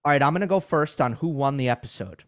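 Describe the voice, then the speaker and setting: A man's voice: mid-range voice, animated, fast talker. A man co-hosting a sports recap podcast, chatting casually in an emphatic, teasing way. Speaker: podcast co-host. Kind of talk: casual chat.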